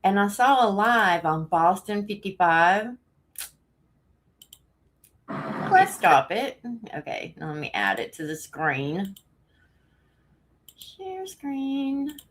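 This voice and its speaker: A woman's voice: mid-range voice, very animated, slow pace, pauses often. A woman talks casually on a home live stream, a little out of breath. She rambles from topic to topic and laughs often as she greets her viewers by name.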